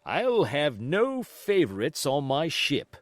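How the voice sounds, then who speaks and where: A man voicing a strict sea captain who gives clipped, deliberate commands. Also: fairly high pitch, wildly swooping pitch, no echo, voice pushed up, heavily acted. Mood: stern. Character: stern, curt male sea captain, strict.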